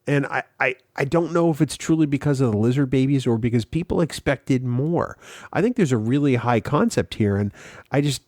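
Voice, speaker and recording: A man's voice: mid-range voice, expressive, a little fast, a little mellow, no echo. Thoughtful male podcast co-host, dry sound. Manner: thoughtful, explains with everyday comparisons, many ums. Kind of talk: casual podcast chat.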